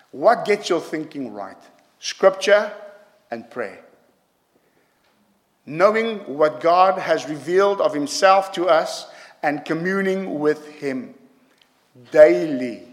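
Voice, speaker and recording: A man's voice: fairly high pitch, animated, takes it slowly, long pauses. A man preaching a sermon to a congregation, emphatic and punctuating his points with "yeah?". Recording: long hall reverb.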